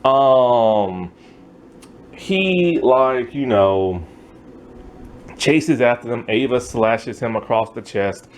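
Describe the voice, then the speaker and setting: Lively, rambling male movie ranter. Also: medium pitch, extremely slow, long pauses, slight background noise. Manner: rambling, loose and exasperated, full of filler words. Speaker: movie reviewer. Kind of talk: casual ranting movie review.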